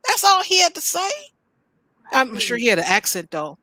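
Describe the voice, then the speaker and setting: A woman hosts a casual reaction show, reading articles aloud and then riffing on them in an animated, joking way. The sound is dry and close, with no room echo. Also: sits high, normal speed. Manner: animated, playful, reads headlines aloud then riffs. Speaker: host.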